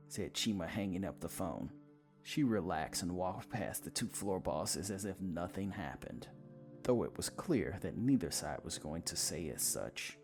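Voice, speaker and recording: A man narrating a vampire story in a dramatic, expressive manner. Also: deep voice, moderate pace, soft background music.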